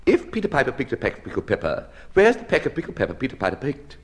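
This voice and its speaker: A man's voice: mid-range voice, wildly swooping pitch, fast talker. A man reciting nursery rhymes and tongue twisters in a rhythmic, playful way.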